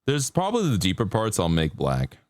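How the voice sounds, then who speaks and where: A man's voice: lowish voice, wildly swooping pitch, a little fast, a little mellow, no echo, clean studio sound. A man chatting casually with viewers on a live stream while he paints, laid-back and chatty. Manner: laid-back, chatty, sings along to songs in a put-on country twang.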